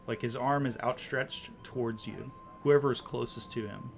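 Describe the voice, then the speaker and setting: A man's voice: mid-range voice, fairly even intonation, moderate pace, vocal fry, soft background music. A man running a tabletop game as dungeon master, narrating scenes in a loose, descriptive way with many likes and ums.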